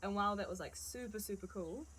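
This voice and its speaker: A woman's voice: medium pitch, fast talker, a bit bright, slight background noise, rough recording. A young woman, chatting casually as an interview guest about hiking, with many fillers and frequent laughs. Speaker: guest, hiker.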